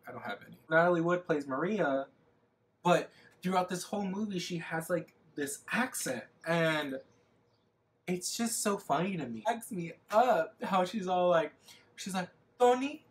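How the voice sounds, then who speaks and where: A man's voice: sits high, normal speed. Young male makeup vlogger, chatty and rambling, self-deprecating, lots of fillers, recorded on a camera mic at home. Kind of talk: casual get-ready-with-me chat.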